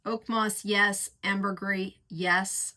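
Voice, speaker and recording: A woman's voice: mid-range voice, fairly even intonation, slow pace, pushed and bright. A woman reviewing perfumes in a casual, effusive chat, painting vivid pictures and lingering over her words. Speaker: fragrance reviewer.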